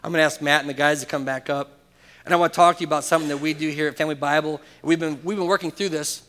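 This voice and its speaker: A pastor races through his sermon in a fairly high voice with fairly even intonation. He swings from loud, emphatic calls to hushed, intimate asides and peppers the congregation with rhetorical questions.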